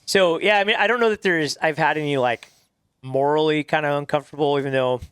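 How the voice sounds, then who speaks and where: A man's voice: on the high side, fast talker, a bit bright, smooth, dry recording. Rambling man in casual podcast chat. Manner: rambling, many fillers and restarts.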